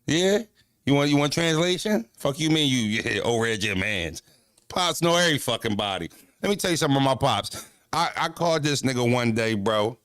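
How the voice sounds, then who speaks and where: A man's voice: mid-range voice, animated, fairly quick, no room sound. Give me a man talking on the move, profane and rambling, dry close sound. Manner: profane, rambling storyteller who shouts out viewers. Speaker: battle rapper vlogging. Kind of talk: casual walking vlog chat. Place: outdoors, walking.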